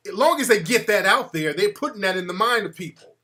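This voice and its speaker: A man's voice: sits high, animated, quick pace, sharp tone. A man hosting his own show, talking straight to his audience in an emphatic, profane commentary monologue. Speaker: show host. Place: home room with a fan.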